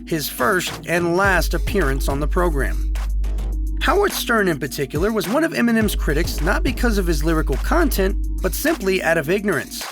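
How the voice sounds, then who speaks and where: A man narrating in a measured, informative scripted way. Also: high voice, very animated. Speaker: channel host, narrator. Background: music.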